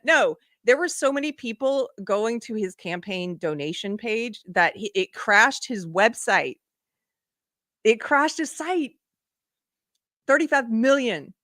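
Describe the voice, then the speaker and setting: A woman's voice: lowish voice, a bit bright, dry recording, clean studio sound. A middle-aged woman hosting a live political commentary stream, talking casually and sarcastically, often laughing.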